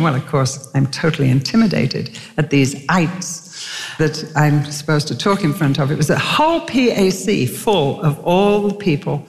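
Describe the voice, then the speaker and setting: An older woman teaching from the Bible in a sermon, telling stories animatedly and acting out the quotes. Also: in a large hall. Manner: animated storytelling, acting out quotes with lively pitch jumps.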